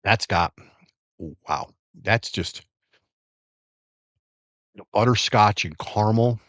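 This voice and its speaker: Deep-voiced man chatting through a tasting. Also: takes it slowly, no room sound. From Virginia area, USA. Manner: relaxed, rambling, savoring and reacting to sips. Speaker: bourbon livestream host. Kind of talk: casual live-stream chat.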